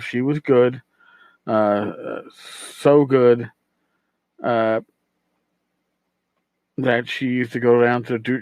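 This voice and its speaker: A man's voice: medium pitch, no echo, low-quality recording. A man from New York City, hosting a podcast and talking casually, rambling and swearing freely. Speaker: podcast host and game master.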